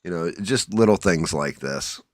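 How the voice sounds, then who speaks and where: Deep-voiced, rambling, profane male streamer. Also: lively intonation, a little slow, dry recording, clean studio sound. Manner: rambling, blunt and profane, with frequent restarts. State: groggy, just woke up. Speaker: livestream host. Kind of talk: casual livestream chat.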